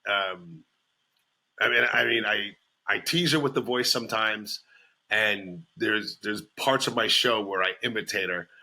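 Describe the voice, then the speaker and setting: Bright-voiced man agreeing between laughs. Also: lowish voice. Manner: quick agreeing "yeah"s, bursts of laughter, stammered restarts. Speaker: comedian, podcast co-host. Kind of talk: casual comedy brainstorm chat.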